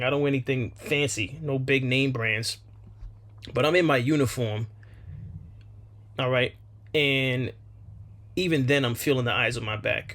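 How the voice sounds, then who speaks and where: A man's voice: mid-range voice, a bit bright. A man hosting his own channel, giving solo commentary on a news story in an earnest, emphatic way, often repeating himself to stress a point. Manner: earnest and repetitive, with emphatic restarts. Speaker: channel host.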